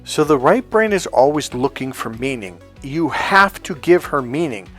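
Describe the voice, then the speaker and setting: A man's voice: fairly high pitch, animated, moderate pace, a bit bright, soft background music. Blunt, profane male dating coach. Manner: blunt, profane, acts out quotes. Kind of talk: casual coaching monologue.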